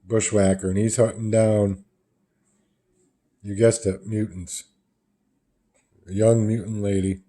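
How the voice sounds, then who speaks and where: Brief: male comic reviewer, low pitch, rambling casual recap. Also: level tone, slow pace, pauses often, dark tone. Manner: loose, rambling retelling of comic panels.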